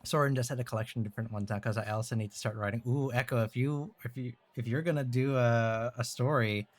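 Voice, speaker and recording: Man, streamer host, casual chat, easygoing, mid-pitched voice, dry close sound. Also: steady tone, fast, no echo. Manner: easygoing, thinks aloud. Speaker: streamer hosting story time.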